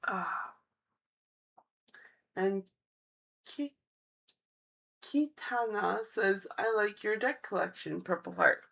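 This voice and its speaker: A woman tarot reader on a live stream, slowly reading out viewers' chat messages and answering each one in a friendly way. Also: medium pitch, gravelly, fairly bright tone.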